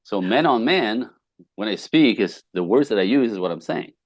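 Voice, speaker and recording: A man's voice: fairly low pitch, lively intonation, moderate pace, no echo. A middle-aged man, a podcast guest, telling relationship stories with emphasis and acting out the dialogue. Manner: emphatic storyteller, acts out dialogue, laughs often. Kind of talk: animated conversational interview.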